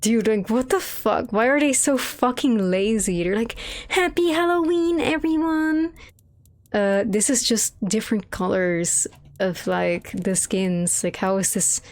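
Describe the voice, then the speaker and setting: A young woman streams a vampire game and talks through it non-stop, cursing freely and griping about what she finds. Her voice sits at an ordinary middle pitch. She drifts between complaints, reading chat and jokes. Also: normal speed, darkish tone, dry recording. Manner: rambling, swears a lot, mocking quotes. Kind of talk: casual live-stream commentary.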